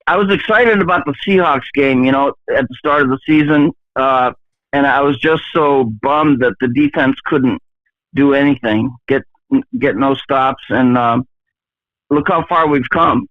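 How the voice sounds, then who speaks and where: A middle-aged man calling in to a show, speaking haltingly with many restarts and a self-deprecating tone. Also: mid-range voice, dry recording. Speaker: caller. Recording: tinny phone line.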